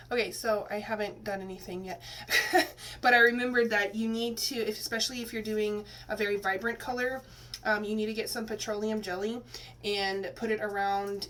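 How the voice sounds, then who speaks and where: Her medium-pitched voice has a fairly bright tone as she casually walks through a hair-dye tutorial. She's a teacher and vlogger from Texas, chatty and meandering, full of fillers and false starts. The recording picks up faint room noise from a slightly distant mic.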